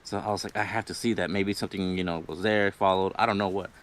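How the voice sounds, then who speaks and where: A man's voice: deep voice, steady tone, fast, fairly bright tone. A young man casually telling a personal ghost story on a livestream, rambling, swearing freely and laughing between lines. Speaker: guest storyteller.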